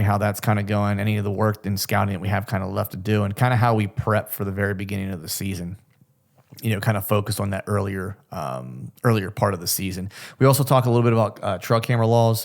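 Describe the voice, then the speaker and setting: A man's voice: lowish voice, gravelly, darkish tone. A young adult man hosting a hunting podcast in a loose, rambling, self-mocking way with plenty of fillers. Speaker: podcast host. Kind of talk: casual podcast chat.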